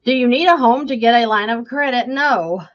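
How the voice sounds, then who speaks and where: A woman's voice: fairly high pitch, normal speed, highs cut off. A woman, a financial coach, answers viewer questions emphatically and keeps checking in with "okay?". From United States.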